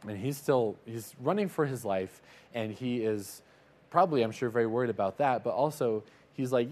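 A man in a middle voice retelling a Bible story. He talks in a relaxed, chatty way. He drops into quick acted-out voices for the characters. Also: mid-range voice. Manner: conversational, retells scripture with little acted-out voices. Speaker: Bible teacher.

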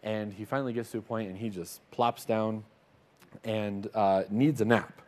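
A man's voice: fairly low pitch, fairly even intonation, moderate pace, a little mellow. A man telling a Bible story in a casual, conversational way, slipping into little acted-out voices for the characters. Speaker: Bible teacher.

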